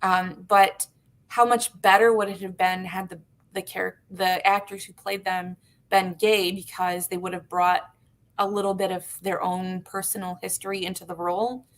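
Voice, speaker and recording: Podcast co-host, woman, halting casual delivery full of fillers, mid-range voice. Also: mid-range voice, little pitch movement. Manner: hesitant, many restarts and "like" fillers. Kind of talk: casual panel discussion.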